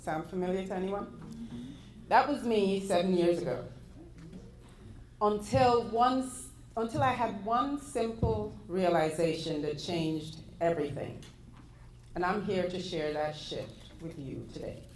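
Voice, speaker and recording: A British woman gives a motivational talk at a very slow, deliberate pace. Her voice sits at a middle pitch. The sound is echoey, with faint noise in the hall. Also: darkish tone. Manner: measured and deliberate. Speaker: guest speaker.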